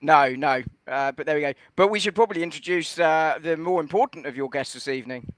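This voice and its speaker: A man's voice: fairly high pitch, a little fast, a bit bright, no echo. Dry wisecracking man, close and dry sound. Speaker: panel guest. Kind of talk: casual chat.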